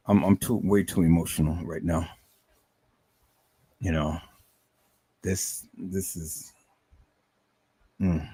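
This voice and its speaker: Male livestream host, lowish voice, dry close sound, stammering, swings from agitated outbursts to soft trailing-off. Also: steady tone, slow pace, long pauses, breathy edge, no room sound. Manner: stammering, repeats words, rising to agitated outbursts then trailing off softly. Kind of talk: emotional livestream commentary.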